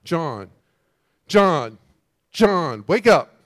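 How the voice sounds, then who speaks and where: A pastor putting on Jesus as a grumbling complainer. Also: male voice, mid-range voice, lively intonation, fairly quick, dry recording, studio quality, natural voice. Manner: whiny and incredulous, repeating himself. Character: grumbling, exasperated grown man complaining.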